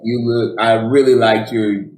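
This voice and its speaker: This man's voice is on the low side and darkish, with fairly even intonation and a measured pace. Co-hosting a podcast, he talks casually and rambles through plenty of fillers and restarts, captured with a roomy echo.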